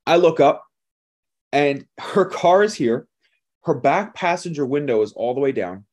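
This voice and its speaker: A male pastor preaching a sermon, telling a lively story and acting out the people in it with laughter. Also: a little high, unhurried.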